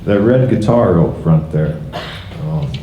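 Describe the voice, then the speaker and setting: A middle-aged man, a friend's father, speaking off the cuff at a memorial, halting with many restarts. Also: sits low, expressive, dull audio, slight background noise. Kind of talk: unscripted memorial speech. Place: church hall. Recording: echoey hall.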